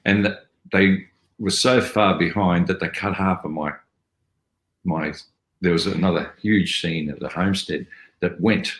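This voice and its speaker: An older man with an Australian accent, telling rambling, animated stories as an actor guest on a video call. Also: low-pitched, unhurried, roomy sound, low-quality recording. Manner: rambling, animated storytelling with mimicry. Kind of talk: casual interview anecdotes.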